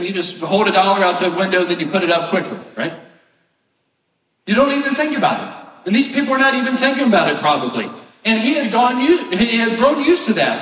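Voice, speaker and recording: A man's voice: sits high, a bit bright, recorded from a distance. A man preaching a sermon as pastor, talking conversationally and often asking "right?". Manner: conversational preaching with rhetorical questions. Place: church sanctuary. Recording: echoey hall, voice from afar.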